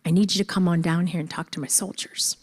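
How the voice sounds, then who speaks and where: A woman voicing a male army chaplain with a slow, folksy Texan drawl. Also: lowish voice, steady tone, darkish tone, breathy edge, voice pushed down. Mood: earnest.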